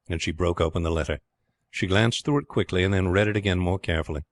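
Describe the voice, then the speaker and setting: A man narrating an audiobook in a steady, clear storytelling manner. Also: low voice, fast, no room sound. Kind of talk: scripted narration.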